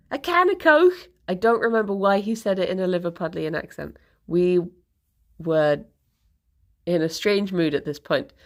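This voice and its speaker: Slow, rambling woman streamer. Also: mid-range voice. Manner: rambling, laughs often, self-correcting. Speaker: live streamer. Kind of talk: casual storytelling to a live chat.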